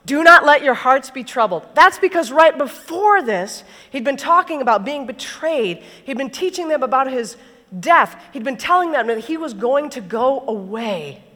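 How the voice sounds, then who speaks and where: A woman preacher with a high voice and moderate pace gives a sermon full of animated stories, acting out the voices of the people in them. It's recorded in an echoey hall.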